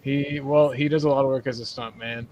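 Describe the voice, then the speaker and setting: A man's voice: mid-range voice, steady tone, a little fast, a little mellow, highs cut off. A man hosting a casual livestream chat, joking and rambling as he asks guests questions.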